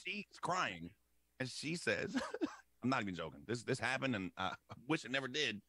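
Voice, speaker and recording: A man's voice: moderate pace, husky, no echo. A young man co-hosting a podcast, telling stories casually and acting out the people in them with big swings in his voice and frequent laughs. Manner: animated, acts out quotes with big pitch swings, laughs often. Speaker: podcast co-host. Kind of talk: casual storytelling chat.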